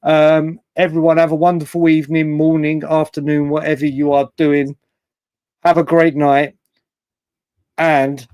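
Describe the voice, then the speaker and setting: A man hosts a late-night live fan show. He is chatty and rambling, laughs often and swears freely. His voice sits a little high, and the sound is dry and close. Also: unhurried, darkish tone, clear, resonant tone, dry recording.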